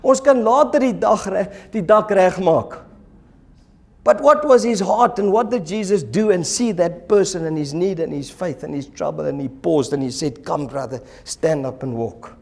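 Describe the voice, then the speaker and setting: Man, pastor, sermon in a church, animated delivery, acts out voices, fairly high voice. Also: moderate pace, vocal fry.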